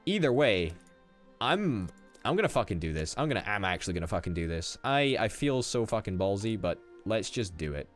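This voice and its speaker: A young man casually commenting on a strategy game as he plays, excitable, swearing and thinking out loud. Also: fairly low pitch, brisk, faint music behind. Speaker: gaming YouTuber.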